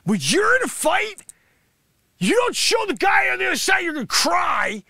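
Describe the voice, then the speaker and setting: A man playing a boastful, greedy male karate sensei who scolds his students and pitches an overpriced course in a brash, mocking patter. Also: very animated, normal speed, vocal fry, sharp tone, dry recording, shouting, full character voice. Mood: scolding. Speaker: comedy show host. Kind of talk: improvised comedy character monologue.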